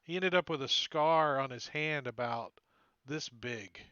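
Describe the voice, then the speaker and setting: Guy dm'ing a tabletop game, kinda high voice, dry close sound, bit muffled lo-fi. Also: a little slow, clear, resonant tone, no echo. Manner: laughing, animated, with filler words. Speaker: dungeon master. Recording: dull lo-fi stream audio.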